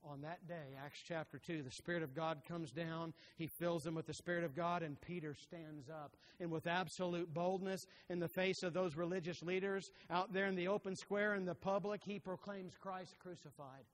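A man with a high voice preaches a sermon and fills a big hall whose sound rings on after each phrase. He repeats words for emphasis and swings from loud declarations to hushed single words. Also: fairly even intonation, moderate pace, hardly any pauses. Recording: long reverb of a large hall.

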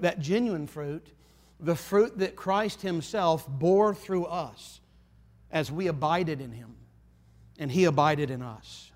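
Guy preaching, pretty high voice, earnest, repeats lines for punch. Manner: earnest, rises to emphatic pleading then drops to hushed; repeats phrases for emphasis. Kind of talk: sermon.

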